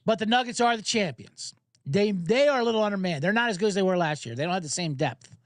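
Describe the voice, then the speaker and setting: A man hosting a sports betting podcast, talking casually in an animated, profane, rambling way. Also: sits high, fast, dry recording, studio quality.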